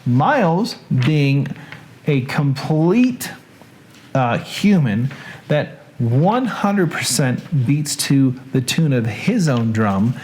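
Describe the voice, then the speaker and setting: A man with a Southern US accent hosts a relaxed livestream, drifting through asides and self-corrections. He talks at an unhurried, drawn-out pace in a mid-range voice, with a faint hiss of noise behind him. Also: mid-range voice. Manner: rambling, chatty, restarts and asides. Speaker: host. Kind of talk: casual livestream chat.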